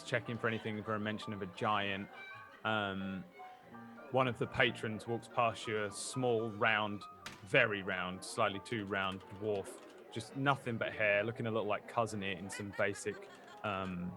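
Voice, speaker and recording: A man's voice: lowish voice, steady tone, measured pace, music in the background. A man narrating a tabletop game as game master, describing scenes playfully.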